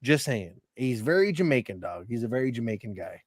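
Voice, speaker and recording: A man co-hosting a podcast, chatting casually about sport, animated, swearing freely and laughing often. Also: mid-range voice, brisk, no echo, clean studio sound. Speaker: podcast co-host.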